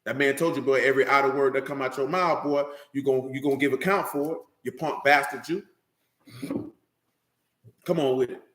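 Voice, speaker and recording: A man's voice: medium pitch, steady tone, fairly quick, long pauses, fairly bright tone, roomy sound. A man preaching a fiery, confrontational sermon in heavy street slang.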